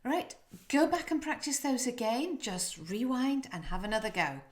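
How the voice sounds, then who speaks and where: A woman teaching French pronunciation, demonstrating sounds slowly and coaching the viewer to repeat. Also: a little high, very animated. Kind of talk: pronunciation lesson to camera.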